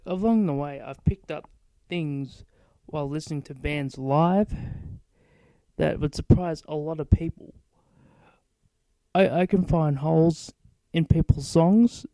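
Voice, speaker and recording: A man in his late twenties hosting a podcast, swearing freely as he rambles through his stories. His voice sits fairly high, with a mellow, smooth tone. The sound is close and dry. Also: no echo, poor audio. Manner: profane, rambling storytelling. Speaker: podcast host. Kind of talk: casual monologue.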